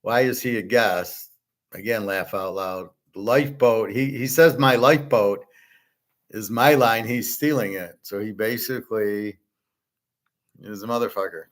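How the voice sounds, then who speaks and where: A man's voice: lowish voice, a little slow. Scornful, blunt man reacting to a clip. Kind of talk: reaction commentary.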